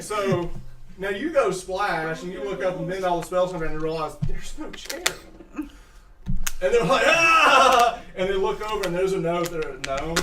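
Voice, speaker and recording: A man narrating as game master in a tabletop game, animated and laughing often. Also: on the high side, far from the mic, very noisy. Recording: echoey room mic'd from afar, crowd behind.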